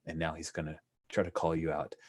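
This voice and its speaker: A man acting as game master over an online call, narrating a tabletop baseball game in a relaxed, chatty way with lots of fillers and little sportscaster flourishes. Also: very deep voice, a little fast. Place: online call with screen sharing.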